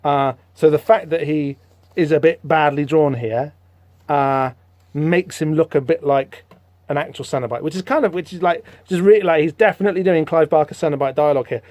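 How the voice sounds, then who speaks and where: A man hosting a podcast, rambling through a comic book issue in casual, animated commentary with lots of fillers. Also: a little high, a little fast, dry recording. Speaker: podcast host.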